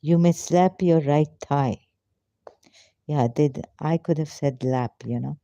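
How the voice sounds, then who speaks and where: Fairly high in pitch yet creaky and dark, the man's voice carries no room sound on a dull, dry, lo-fi recording. Slowly and haltingly he reads out a prayer, interrupts himself to comment in non-native English, repeats chanted phrases, and laughs while mocking himself.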